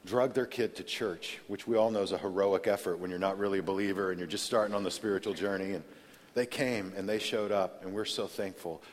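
A man preaching a sermon in a large church, telling stories in a conversational way and swinging from loud to hushed. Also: low voice, steady tone, fairly quick. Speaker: pastor. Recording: long reverb of a large hall.

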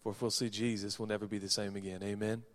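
A man from Seattle preaching a sermon as a pastor, reading scripture with folksy joking asides and swinging from soft to loud. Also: on the low side, little pitch movement, fast talker. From Seattle, Washington, USA. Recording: long reverb of a large hall.

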